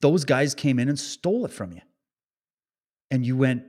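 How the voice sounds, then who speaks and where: A man's voice: medium pitch, animated, a little mellow. A man delivering an agitated ranting monologue, firing off one rhetorical question after another at his listeners. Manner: rapid-fire rhetorical questions; emphatic, agitated.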